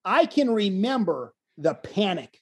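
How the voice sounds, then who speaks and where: A man, a wrestling commentator, telling a story in a casual interview, animated and self-deprecating, often restarting his phrases. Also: sits high, measured pace, slightly rough.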